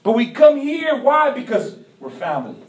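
A man preaching to his church, his voice unusually high and carried through an echoey hall. The mic sits some way off from him. He calls to the congregation and rises to shouts. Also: very animated, moderate pace, distant mic. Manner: call-and-response preaching, rising to shouts. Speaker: pastor. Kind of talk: sermon. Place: church sanctuary.

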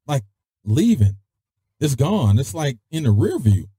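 A man hosting his own podcast, telling stories in a casual, animated way and peppering his speech with mild cuss-word substitutes. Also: unhurried, breathy edge, no echo, clean studio sound. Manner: animated, swings his voice high for emphasis; peppers speech with "freaking" and "daggone". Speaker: podcast host. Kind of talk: casual storytelling.

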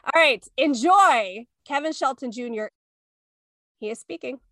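High-voiced woman podcast co-host. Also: expressive, unhurried, bright, forceful tone, dry recording. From central Illinois. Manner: friendly, chatty. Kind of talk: casual podcast conversation.

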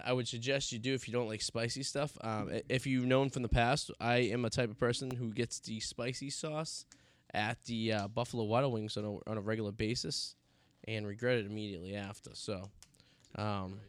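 A man co-hosting a casual talk show, chatty and halting with many fillers, teary and suffering from extreme spicy heat. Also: medium pitch. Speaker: podcast co-host. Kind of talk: casual chat during a hot chip challenge. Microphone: headphones and studio mic.

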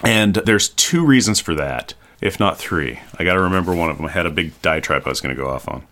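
A man co-hosting a podcast, chatting casually about a comic in a rambling, animated way with lots of fillers. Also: sits low, fairly quick. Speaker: podcast co-host. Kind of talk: casual chat reviewing a comic.

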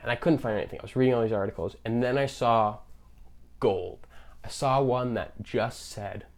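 A man's voice: medium pitch, moderate pace. Sarcastic young man ranting. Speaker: podcast host. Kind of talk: solo comedic podcast monologue.

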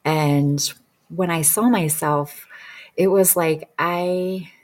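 A woman's voice: on the low side, steady tone, takes it slowly, darkish tone. A woman and past-life regression practitioner telling a personal story in a chatty, casual way, full of "like" fillers. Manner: chatty, many "like" fillers, acts out quoted dialogue.

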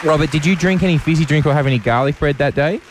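A man's voice: fairly high pitch, fast, a faint crowd, slight background noise. A man co-hosting a talkback radio show, greeting callers and teasing them cheerfully. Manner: upbeat, teasing, laughs a lot. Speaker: radio host. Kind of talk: casual talkback banter.

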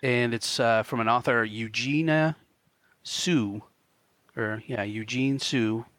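A man's voice: mid-range voice, slow, fairly bright tone, no room sound. A man co-hosting a podcast, chatting about a film in a loose, rambling way full of fillers. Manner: rambling, many "you know" fillers, explanatory. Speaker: podcast co-host. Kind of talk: casual film commentary chat.

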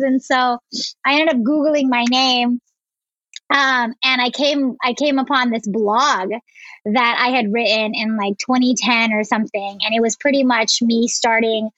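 Woman entrepreneur, high bright pitch, chatty storyteller, dull dry audio. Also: no room sound. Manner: effusive storyteller, lots of "like". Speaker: entrepreneur guest. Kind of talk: casual interview chat.

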